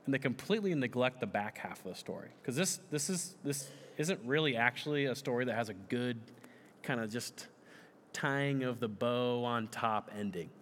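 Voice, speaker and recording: A man in his thirties preaching a sermon, animated and often putting questions to the audience. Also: mid-range voice, moderate pace, in a large hall, a little hiss or hum. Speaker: pastor.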